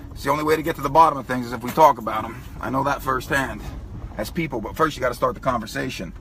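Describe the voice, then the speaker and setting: A man's voice: mid-range voice, racing, fairly bright tone, a little hiss or hum. A man talking emotionally in a profane vlog, crying and choked up as he speaks. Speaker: vlogger.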